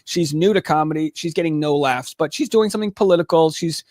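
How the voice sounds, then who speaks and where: A man, a comedian and podcaster, telling stories animatedly in a casual interview, with quick restarts and asides. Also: on the high side, a little mellow, no room sound, studio quality.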